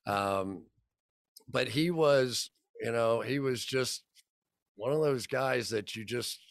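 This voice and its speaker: A man in his fifties tells football stories in a relaxed podcast chat. He rambles and restarts often, slipping into quoted dialogue. His voice sits at an ordinary middle pitch, recorded close and dry. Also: slow pace, vocal fry, no echo. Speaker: football broadcaster guest. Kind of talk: casual podcast storytelling.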